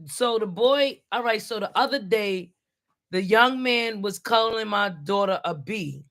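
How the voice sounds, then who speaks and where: A middle-aged woman tells a story in an animated, streetwise way, jumping between her own voice and voices for the people she quotes. She keeps cutting in with quick homework checks for a child beside her. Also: medium pitch. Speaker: parent, vlogger. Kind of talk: casual storytelling while helping with homework.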